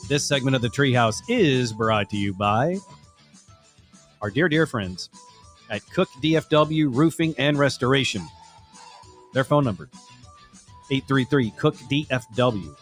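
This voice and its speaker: A man's voice: medium pitch, lively intonation, measured pace, pauses often, soft background music. A man hosting a podcast, chatting casually with dry teasing remarks and reading a sponsor message. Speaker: podcast host. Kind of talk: casual chat and read ad.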